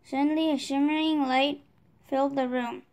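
High-voiced woman reading a storybook. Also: normal speed. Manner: steady reading with small restarts. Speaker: storybook reader. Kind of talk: children's storybook read-aloud.

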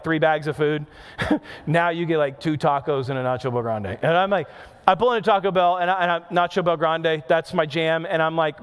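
A man in his thirties, a pastor preaching a sermon, telling a personal story with animated, self-mocking asides. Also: on the high side, smooth.

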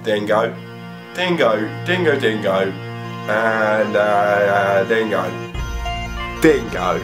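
A man's voice: fairly low pitch, slow. A man doing a sidekick who only says "Dingo". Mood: deadpan. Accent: fake Australian. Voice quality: repetitive one-word outbursts. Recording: roomy sound, loud music underneath.

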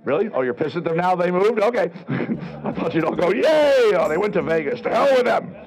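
A middle-aged male street comedian holds court at an outdoor fair, his voice swinging widely up and down as he ribs the crowd. His delivery is sarcastic and teasing, and he barks loudly to pull passers-by over to his stage. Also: sits high, animated, fast, faint music behind, rough recording. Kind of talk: live outdoor comedy show with crowd banter.

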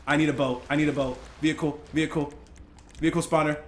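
A young man giving live gameplay commentary as a streamer, excitable, breaking into yells and laughs. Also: fairly high pitch, quick pace, slight background noise. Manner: excitable, yelling and laughing in bursts. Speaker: gaming streamer.

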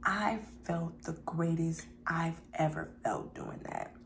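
A woman's voice: deep voice, big pitch swings, slow pace, background noise. A young woman vlogger chatting casually to her viewers while eating a meal, addressing them as y'all and burping now and then between bites. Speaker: mukbang vlogger.

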